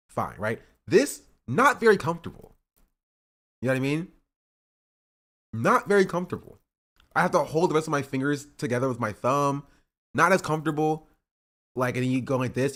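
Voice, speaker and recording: Male streamer, casual reaction talk, medium pitch. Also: fairly bright tone. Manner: chatty, repeats himself, reads chat aloud. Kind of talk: casual live-stream commentary.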